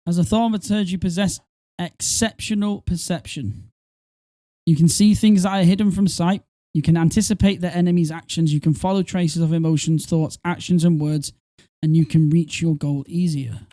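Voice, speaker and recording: Man with a dark, mellow voice. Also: a little high, fairly even intonation, normal speed, dry recording. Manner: reads game text aloud, joking asides. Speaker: gameplay streamer. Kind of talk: let's play commentary.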